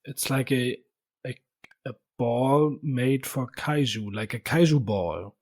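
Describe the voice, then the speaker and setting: A man's voice: medium pitch, slow pace, a little mellow. A man co-hosting a podcast, chatting casually with playful, joking asides. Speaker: podcast co-host.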